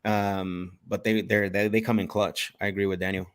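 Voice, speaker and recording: A man with a lowish voice chats casually on a video call as a real estate investor on a practice panel. He is laid-back and agreeable, and keeps calling the others bro. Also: flat delivery, normal speed. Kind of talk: casual chat.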